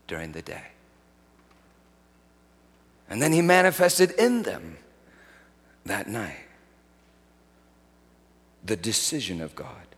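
A man preaching a sermon, swinging from hushed, slow phrases to loud, soaring outbursts. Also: fairly low pitch, in a large hall.

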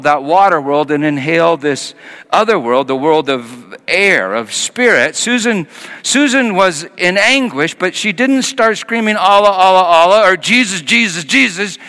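A man preaching a sermon as pastor, telling a personal story and moving from hushed passages to loud acted quotes. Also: fairly high pitch. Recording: long hall reverb.

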